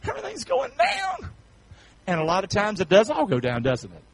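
Folksy Southern preacher with a lively voice. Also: male voice, high-pitched, fast talker, rough recording. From North Carolina. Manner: folksy, swings from shouts to soft asides, calls for amens. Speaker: pastor. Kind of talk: sermon.

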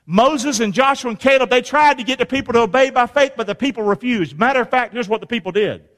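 A man preaching a sermon, quizzing the congregation and rising to shouts at the peaks. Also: very high-pitched, fast talker, long reverb tail. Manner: preaching with call-and-response questions to the congregation; rises to shouting at climaxes. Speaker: pastor.

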